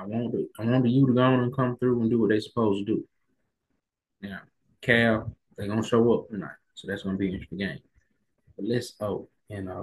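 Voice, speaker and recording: A man's voice: lowish voice, darkish tone. A man giving a casual, emphatic opinion monologue on college football, repeating himself for emphasis and getting heated. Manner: emphatic, repetitive, colloquial, rising to heated emphasis. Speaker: sports commentary vlogger.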